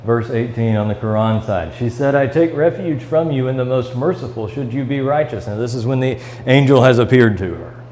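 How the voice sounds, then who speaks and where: A man with a Midwestern American accent, leading a Bible study and reading scripture aloud between his own comments, with the odd "um" and restart. His voice sits at an ordinary middle pitch. A faint hum runs under the recording. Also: fairly quick, few pauses, darkish tone, rough recording. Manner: reads scripture aloud and explains it, with fillers and restarts. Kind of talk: church Bible study lesson. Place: church classroom.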